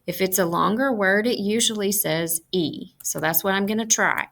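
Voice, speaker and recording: A woman giving a scripted phonics lesson, explaining sounds slowly and clearly. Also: medium pitch, a bit bright, low-quality recording. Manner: slow, clear teaching delivery. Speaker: reading teacher.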